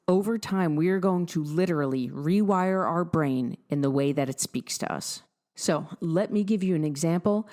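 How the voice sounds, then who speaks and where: A woman's voice: fairly low pitch, a little mellow. A young adult woman hosting a motivational podcast, coaching the listener directly in an upbeat, encouraging way. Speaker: podcast host, fitness and mindset coach.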